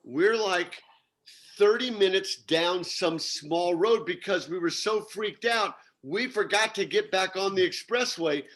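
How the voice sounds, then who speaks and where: High-voiced man telling a story. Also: a little slow. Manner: lively, self-mocking, rambling. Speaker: reunion participant. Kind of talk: animated storytelling on a video call. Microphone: video call.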